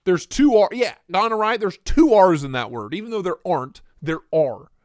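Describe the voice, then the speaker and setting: A man's voice: high-pitched, expressive, moderate pace, no room sound, clean studio sound. A man hosting a casual livestream, joking and reading chat aloud in a playful way. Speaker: livestream host.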